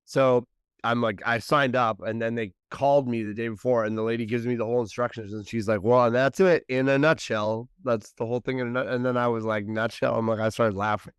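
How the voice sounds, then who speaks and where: A male comedian and podcast co-host telling a story in casual chat, animated and laughing as he acts out the dialogue. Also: medium pitch, brisk, clean tone, dry recording, clean studio sound.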